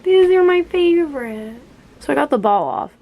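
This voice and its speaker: A young woman in her early twenties talks straight into a close camera, rambling, backtracking and correcting herself as she goes. Her voice sits a touch high, loose and conversational. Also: big pitch swings, normal speed, warm tone. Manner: chatty, rambling, self-correcting. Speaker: vlogger. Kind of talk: casual chat to camera.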